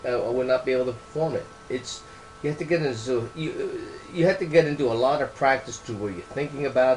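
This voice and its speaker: Earnest rambling man, soft then emphatic. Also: medium pitch, animated, quick pace, slight background noise, low-quality recording. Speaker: author explaining his training book. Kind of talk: casual unscripted explanation.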